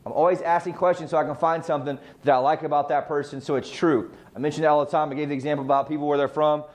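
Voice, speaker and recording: A man's voice: fairly high pitch, fairly even intonation, racing, a little mellow. A man coaching real estate agents on client communication, emphatic and full of rhetorical questions he answers himself. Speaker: sales trainer.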